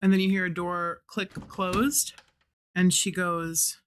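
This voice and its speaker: Measured woman narrating a tabletop game. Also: on the low side, level tone, slight background noise. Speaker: game master.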